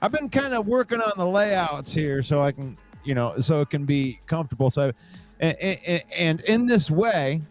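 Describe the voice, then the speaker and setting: High-pitched guy hosting a sports chat, talks slow, keeps repeating himself, faint music behind. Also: big pitch swings. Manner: rambling, repeats words, laughs while talking. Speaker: podcast host.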